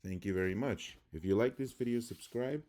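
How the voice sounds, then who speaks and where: A man teaching English pronunciation, reading word lists deliberately one by one and explaining calmly. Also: fairly low pitch. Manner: deliberate, reads words one by one.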